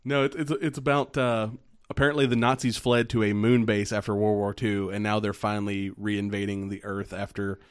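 A man co-hosting a podcast in casual chat, easygoing and halting, often restarting his sentences. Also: fairly low pitch, flat delivery, clear, resonant tone. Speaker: podcast co-host.

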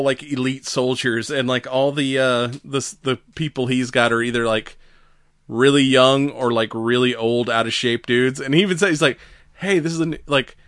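A man co-hosting a podcast, rambling through a casual recap with frequent laughs and quick acted-out lines. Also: mid-range voice, a bit bright, no room sound, clean studio sound. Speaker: podcast co-host. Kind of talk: casual chat recapping a comedy series.

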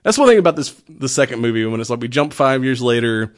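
A man in casual movie talk, loose and profane, breaking into laughter between his points. His voice sits at an ordinary middle pitch, and he talks at an easy, rambling pace. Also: very animated, quick pace.

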